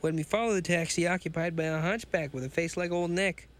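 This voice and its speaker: A man's voice: a little high, steady tone, brisk, lightly acted. A man voicing a chatty, superstitious male taxi driver in a read-aloud pulp story, folksy and hesitant. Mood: uneasy.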